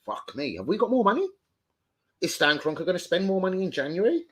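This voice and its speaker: A man hosting a football fan livestream, talking in an excitable, sweary, rambling way. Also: sits high, a little fast, husky. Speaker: host of a football fan show. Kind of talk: casual livestream chat.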